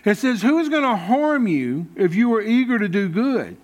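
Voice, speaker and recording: A high-pitched man delivers a sermon. As the pastor, he preaches in a folksy, conversational manner, talking straight to the congregation. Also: very animated, normal speed.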